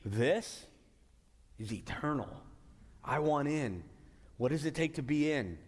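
A man's voice: on the high side, expressive, takes it slowly, slightly rough. A man preaching a sermon as pastor, earnest, often restarting and stretching out key words for emphasis. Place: church sanctuary. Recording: long hall reverb.

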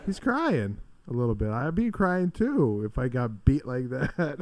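A man giving casual live-stream commentary on fight videos, swearing freely, laughing often and breaking into excited shouts. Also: a little high, moderate pace, hardly any pauses.

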